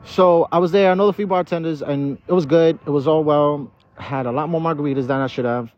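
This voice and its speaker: A man's voice: on the high side, a little fast. Tipsy, rambling man in a park. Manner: rambling and profane, with stammered restarts. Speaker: podcast host. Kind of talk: casual drunken monologue. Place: outdoors in a city park. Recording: dull lo-fi outdoor recording.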